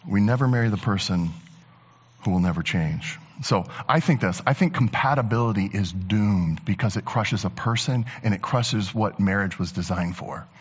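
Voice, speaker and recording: A man preaching a sermon as a pastor, talking conversationally and building to animated emphasis. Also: lowish voice, normal speed, breathy edge. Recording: long church reverb, dull lo-fi sound.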